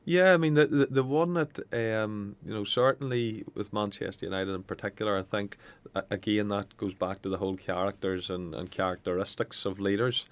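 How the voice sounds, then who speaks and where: A former footballer, a man, answering an interview in a halting way with many restarts. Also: on the low side, fairly even intonation.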